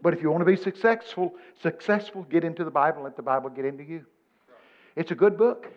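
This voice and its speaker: A man's voice: a little high, quick pace, dull audio. Folksy preacher in his seventies. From Texas. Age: 70s. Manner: folksy, animated storytelling with scripture quotes. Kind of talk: sermon.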